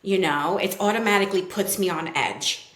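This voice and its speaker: A woman's voice: mid-range voice, normal speed, a bit bright. Chatty woman with a New York accent, roomy sound. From Brooklyn. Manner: chatty, many fillers, acts out kids' quotes. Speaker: child psychotherapist guest. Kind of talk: casual podcast interview. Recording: roomy echo.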